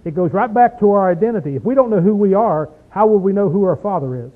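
A man with a notably high voice preaches in a folksy, emphatic way. He peppers the sermon with rhetorical questions and drags out key words of scripture. The sound is thin and phone-like, as on an old radio broadcast. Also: animated. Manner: slows down to stress verses.

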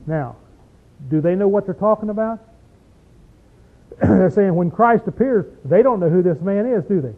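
A man preaching a sermon and reading scripture. He talks emphatically and folksily, asks the listeners lots of rhetorical questions, and slows right down to stress a verse. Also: high-pitched, animated, phone-quality sound.

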